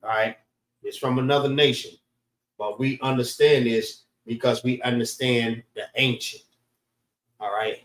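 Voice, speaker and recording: A man leads a casual class, talking in an easygoing way and pausing on "all right" between points. His voice sits at an average pitch. The room around him is echoey. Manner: relaxed, repeats "all right" often. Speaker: class teacher. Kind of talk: teaching a class.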